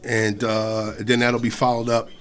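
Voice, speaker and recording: A middle-aged man from New York State hosting a hip-hop radio show, talking loosely between songs with slang, swearing and shout-outs. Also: mid-range voice, monotone, unhurried.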